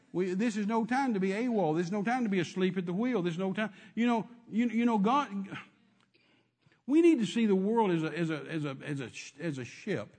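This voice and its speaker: A man's voice: high voice, darkish tone. A man preaching a sermon, emphatic and repetitive, calling out to his congregation.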